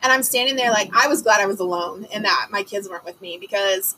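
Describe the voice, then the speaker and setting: A woman from Detroit telling a story in casual chat, animated and full of fillers, acting out the lines she quotes. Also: mid-range voice, fast, slight background noise, low-quality recording.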